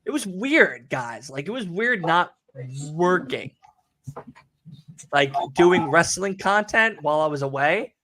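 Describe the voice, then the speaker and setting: A man's voice: high-pitched, expressive, slow pace, background noise. A young man with a New York accent, hosting a podcast and telling a rambling, profane story in casual chat. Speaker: podcast host.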